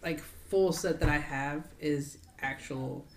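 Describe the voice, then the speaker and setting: A young woman in casual chat, blunt and quick to swear. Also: low voice. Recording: echoey room, faint noise.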